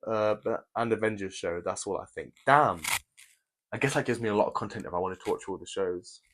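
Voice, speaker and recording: A young man with a British accent and a low voice talks to his live-stream viewers while he builds. He rambles along in a chatty, easygoing way. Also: steady tone, quick pace, a little hiss or hum. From Britain. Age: young adult.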